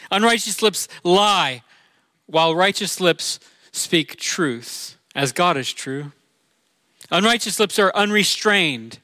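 A man's voice: fairly high pitch, bright, forceful tone, no echo. A middle-aged man with a Midwestern accent, preaching a sermon in an earnest, conversational way with rhetorical questions. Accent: Midwestern American. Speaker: pastor.

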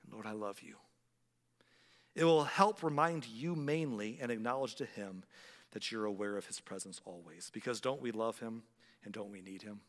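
A man preaching a sermon as a pastor, earnest and emotional, rising to loud emphasis and dropping to a hush. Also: on the low side, normal speed, long reverb tail.

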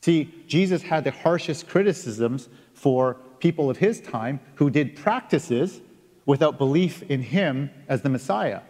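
A man preaching a sermon in an earnest way, reading scripture aloud and stressing key words with pauses. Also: a little high, expressive, a little mellow. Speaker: pastor. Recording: long reverb of a large hall.

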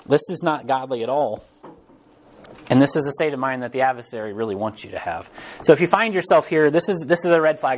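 A man's voice: medium pitch, a little hiss or hum. A young man teaching a Bible class in a casual, conversational way, repeating phrases and acting out the voices he quotes.

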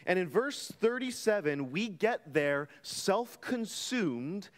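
High, animated preaching man in reverb. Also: takes it slowly. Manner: emphatic expository preaching. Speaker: pastor. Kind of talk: sermon.

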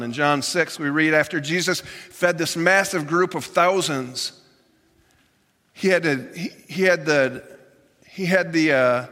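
A middle-aged male pastor preaches with an emphatic delivery, his voice lifting high when he exclaims. His tone is bright and forceful. A long church reverb trails after every phrase. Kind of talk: sermon. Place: church sanctuary.

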